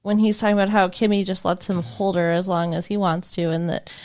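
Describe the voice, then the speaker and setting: A woman co-hosting a podcast, chatty and thinking out loud in a casual movie review chat, swearing now and then. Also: fairly low pitch, fairly even intonation, brisk, dry recording. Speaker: podcast co-host.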